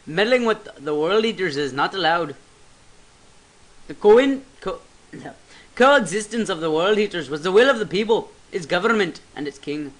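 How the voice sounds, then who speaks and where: A man's voice: high voice, animated, moderate pace, low-quality recording. A man doing a Scottish-accented accusing statesman. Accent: put-on Scottish. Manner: declamatory. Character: stern male statesman accusing the king.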